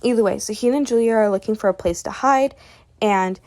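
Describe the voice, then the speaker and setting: A woman's voice: mid-range voice, brisk, a little mellow. Woman just recapping a comic, rambly, lots of "and he's like", normal mid voice. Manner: rambling storytelling that relays each character with "and she's like". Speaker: webcomic recap channel host.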